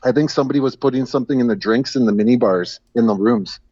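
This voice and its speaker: A man calling into a talk show, chatting casually in a halting way, repeating words and chuckling at his own jokes. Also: mid-range voice, mellow, no room sound, lo-fi sound. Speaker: guest caller. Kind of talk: casual chat. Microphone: video call.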